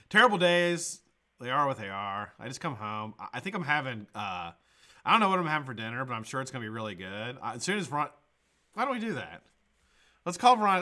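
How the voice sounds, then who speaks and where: A man's voice: medium pitch, pushed and bright. A man hosting his daily live vaping show from home, chatting casually, joking and swearing as he rambles. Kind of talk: casual live-stream chat. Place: home room with green screen.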